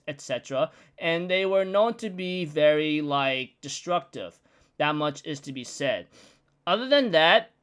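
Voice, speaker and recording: A man's voice: high voice, a bit bright, clean tone. A young man giving a casual, rambling recap of a comic chapter, chatty and full of fillers. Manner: chatty, rambling storytelling with frequent "like". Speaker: manga recap vlogger.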